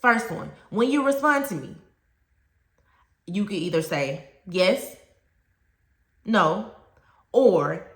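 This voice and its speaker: A woman's voice: medium pitch, lively intonation, unhurried, pushed and bright, reverberant. A woman with a Southern US accent giving an emphatic, plain-spoken talk to fellow teachers. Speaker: teacher trainer.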